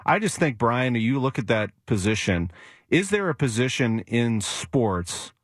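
Unhurried and mid-range, a sports reporter's voice comes through at studio quality without echo as he chats casually on the radio. He's an animated storyteller, acting out each quote he recounts.

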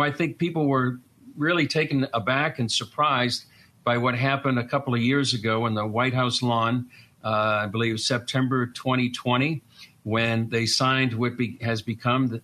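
Bright-voiced man with a Boston accent. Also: medium pitch. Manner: earnest, explanatory, with frequent fillers and restarts. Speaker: guest commentator. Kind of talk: conversational discussion.

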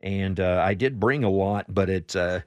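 A man's voice: sits low, normal speed, clear, resonant tone, no room sound. A man hosting political talk radio, telling stories animatedly with hesitant restarts. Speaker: radio talk show host.

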